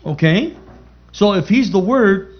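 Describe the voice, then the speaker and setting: A man's voice: high-pitched, animated, slow, muffled recording. A man preaching a sermon as pastor, emphatic, repeating key phrases and calling out to the congregation.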